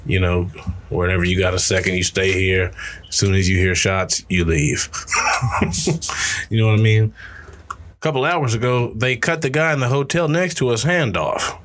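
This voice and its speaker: A man's voice: fairly low pitch, normal speed, pauses often, a bit bright, a little hiss or hum. A young man co-hosting a podcast, chatting casually, crude and joking with frequent laughter. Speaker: podcast co-host. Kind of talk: casual chat.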